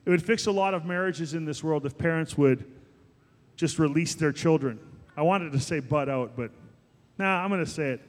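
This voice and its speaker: A man in his forties preaching a sermon as pastor, animated and emphatic, rising to higher peaks. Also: normal speed. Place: church sanctuary. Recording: long hall reverb.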